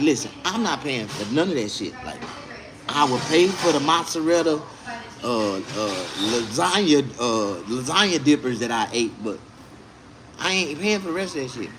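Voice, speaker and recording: Animated, cursing man ranting. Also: on the high side, noisy background. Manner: animated, indignant, swearing. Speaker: vlogger. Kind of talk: casual profane rant.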